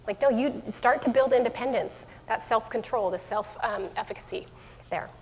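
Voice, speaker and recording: A woman's voice: fairly high pitch, normal speed, slightly rough. Woman giving a talk in a reverberant hall. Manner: warm conversational speaker with many fillers and restarts. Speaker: school division head giving a parenting talk. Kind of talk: live presentation to parents. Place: room with an audience.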